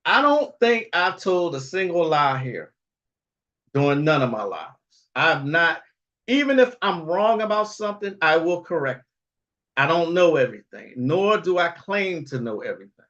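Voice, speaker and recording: A man's voice: fairly high pitch, a bit bright, highs cut off. A man hosting a livestream in casual, rambling talk, chuckling often and tagging lines with "okay?" and "all right?". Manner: rambling, frequent chuckles, tag questions. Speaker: livestream host.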